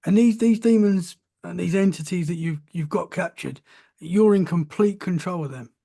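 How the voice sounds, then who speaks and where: A man's voice: high voice, normal speed, creaky, mellow. A man hosting a podcast, asking curious questions and repeating words as he works them out. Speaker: podcast host. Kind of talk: casual interview.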